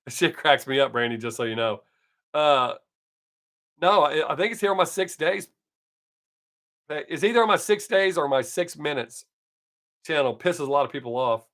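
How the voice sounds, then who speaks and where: A man in his fifties, a comic on his live stream, chats casually in a fairly high, a bit bright voice with a slight scratch. He's animated at a normal speed, pausing often as he rambles and cracks crude jokes.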